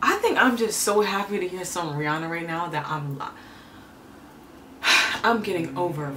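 Expressive young woman in an echoey room. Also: on the high side, a little slow, over music. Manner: expressive, emotional, laughs often. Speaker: reaction video host. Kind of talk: casual reaction vlog. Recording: echoey room, mic at a distance.

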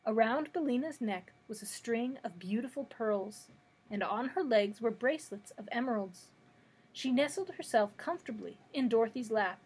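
A woman librarian reading a children's book aloud in a clear, measured storytelling manner. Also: fairly high pitch, a little mellow, rough recording.

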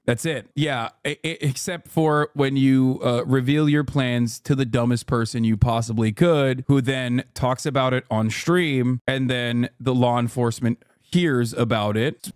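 A man commenting on news on a live stream, animated, who cuts off his own swear words halfway, then reads articles aloud quickly. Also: mid-range voice, smooth, no room sound, clean studio sound.

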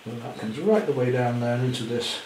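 A man demonstrating a painting at home, chatty with gentle self-deprecating humour. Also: medium pitch, a little fast, roomy sound, slight background noise, low-quality recording. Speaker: art teacher. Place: indoor studio at home.

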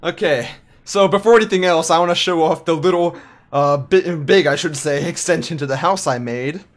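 A man giving casual, self-mocking let's play commentary while building in a game, animated and giggly. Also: on the high side, normal speed. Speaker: gameplay host.

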